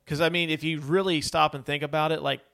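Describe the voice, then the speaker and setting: A man's voice: on the high side, flat delivery, fast talker, gravelly, pushed and bright. A man co-hosting a casual movie podcast, rambling with many fillers and laughs. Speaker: podcast co-host. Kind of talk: casual movie review chat.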